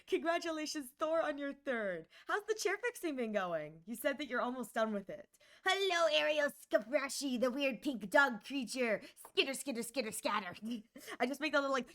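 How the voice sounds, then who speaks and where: A woman streaming live, chatting casually with her viewers in a bubbly, giggly, animated way. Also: high-pitched.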